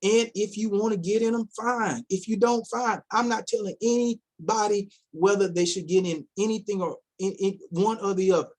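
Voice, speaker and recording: High-pitched with a darkish tone, a male investment vlogger talks casually, rattling off rhetorical questions. He repeats himself and imitates imaginary investors to mock them.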